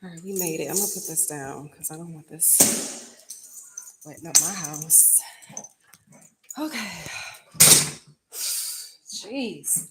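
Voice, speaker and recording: A woman's voice: sits low, animated, takes it slowly, long pauses, very noisy. A woman chatting casually with viewers on a live stream, walking in from the rain and then talking at home, a bit out of breath. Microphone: phone camera.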